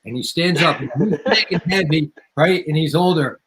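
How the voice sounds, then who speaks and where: A man hosting a podcast, chatting casually and telling a story with many halting restarts. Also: a little high, a bit bright, rough recording. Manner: halting, repeats words as he starts sentences. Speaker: podcast host, former waiter. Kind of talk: casual interview chat.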